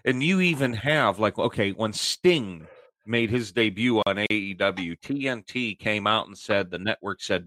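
A man with a low voice co-hosts a casual podcast, his pitch swinging a lot as he rambles along. He stumbles, restarts and repeats himself, and the sound is close and dry. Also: lively intonation, a little slow, fairly bright tone, no echo. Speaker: podcast co-host. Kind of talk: casual chat.

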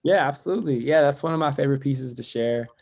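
A man with a gravelly, mid-pitched voice talks as a guest on a podcast. He speaks thoughtfully with many filler words, and his voice drops soft and quiet when he turns inward. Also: quick pace. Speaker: guest, poet and educator. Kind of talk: reflective podcast interview.

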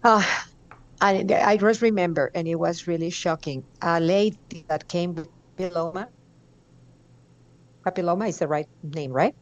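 A woman's voice: fairly low pitch, dull audio. Heartfelt woman with a Mexican accent. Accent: Mexican Spanish. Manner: heartfelt, halting, with many fillers. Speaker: guest. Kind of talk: emotional storytelling.

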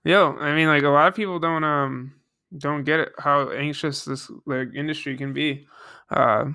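A woman interviewing a former classmate in a relaxed, encouraging way. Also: low voice, moderate pace. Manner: relaxed, encouraging, brief responses. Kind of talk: casual conversational interview.

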